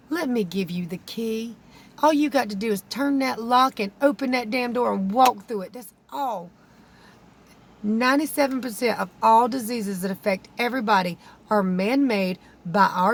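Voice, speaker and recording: A woman's voice: on the high side, creaky, a little hiss or hum. A woman, a keto vlogger pleading earnestly with viewers, close to tears. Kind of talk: emotional vlog talk to camera.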